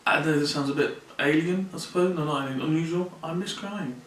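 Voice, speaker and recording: A man's voice: fairly high pitch, fairly quick, a bit bright, a little hiss or hum. Man, distant and roomy. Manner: earnest, plainspoken, repeats phrases. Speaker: vlogger. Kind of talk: personal confessional vlog. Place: room in his mother's home. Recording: roomy sound from a distant mic.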